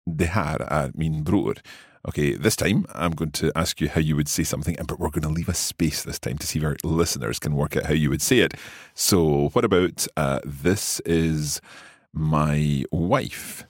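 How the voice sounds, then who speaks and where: A man co-hosting a Swedish language lesson podcast, relaxed, asking questions and practising phrases. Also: a bass voice, normal speed, no room sound, studio quality. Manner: relaxed, asks questions, laughs easily. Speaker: co-host learning Swedish.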